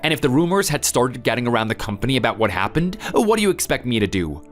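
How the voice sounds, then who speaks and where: A man's voice: medium pitch, sing-song, fast, natural voice. A man playing a young husband who sounds defensive and whiny. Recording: faint background music.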